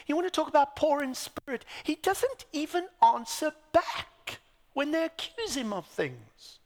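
A man preaching a sermon, dramatic, swinging from loud exclamations to near whispers. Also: extremely high pitch, sing-song, measured pace. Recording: long hall reverb.

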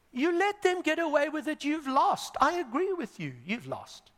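A male preacher delivering a sermon in an animated style, swinging between loud and hushed. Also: very high voice, measured pace, few pauses, in a large hall.

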